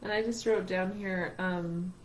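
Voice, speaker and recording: A woman's voice: lowish voice, steady tone, unhurried, a little hiss or hum, low-quality recording. Earnest woman sharing a heartfelt story. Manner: earnest and emotional, with a faith-based outlook. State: tearful at times. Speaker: podcast co-host. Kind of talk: heartfelt conversation on grief.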